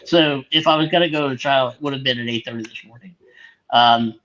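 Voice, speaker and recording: A man's voice: mid-range voice, fairly quick, fairly bright tone, highs cut off. A man being interviewed as a guest, talking hesitantly and trailing off with many ums. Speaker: guest awaiting sentencing. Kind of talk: casual interview talk.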